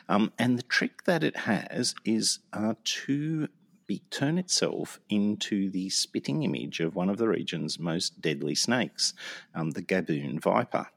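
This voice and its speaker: A middle-aged man with a very deep, gravelly voice explains an article in casual podcast chat. He hesitates often with uhs and ums, and he is a little self-deprecating. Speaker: podcast co-host.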